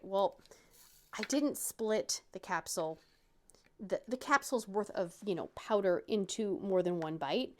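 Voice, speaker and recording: A woman hosting her crafting channel, talking casually as she works on a project. She tells a family story in a rambling, chatty way, and her mid-pitched voice jumps up when she acts out what other people said. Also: measured pace. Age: adult parent. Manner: animated retelling, acting out quotes with pitch jumps. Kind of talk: chatty storytelling while diamond painting.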